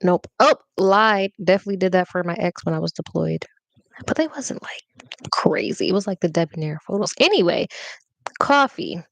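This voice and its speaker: A woman's voice: on the low side, lively intonation, fairly quick, vocal fry, no room sound. A young adult woman hosting a live podcast, chatting casually and rambling playfully straight to her viewers. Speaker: podcast host.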